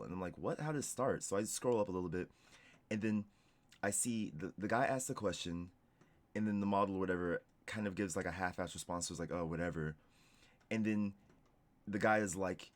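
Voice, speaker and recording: A young man streaming casual reaction commentary, rambling with lots of "like" and restarts. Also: on the low side. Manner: rambling, heavy use of "like" and restarts.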